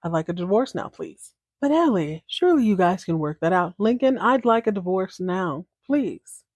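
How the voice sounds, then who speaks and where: A woman voicing a fed-up matriarch in her sixties, cool and collected, with a clear, dry sound. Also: lowish voice, brisk, no echo. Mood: cool firm. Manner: cool, collected, repeating herself flatly.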